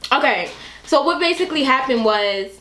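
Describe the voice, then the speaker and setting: A woman's voice: sits high, expressive, normal speed, sharp tone. A young woman hosting her channel, animatedly retelling a story in casual slang-heavy chat. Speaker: channel host. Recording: echoey room, faint noise.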